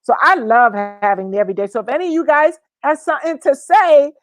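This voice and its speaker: A woman co-hosting a casual online talk show, lively and chatty, often talking over her co-host. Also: high voice, quick pace, dry recording, faint music behind.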